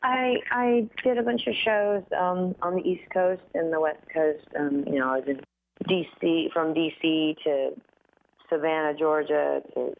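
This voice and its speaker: A woman's voice: sits low, fairly even intonation, unhurried, creaky. A woman singer chatting as an interview guest, her voice a little groggy and dry from an overnight flight, chatty with frequent laughs. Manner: chatty, laughs often, many fillers. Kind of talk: casual interview chat. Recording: tinny phone-line audio.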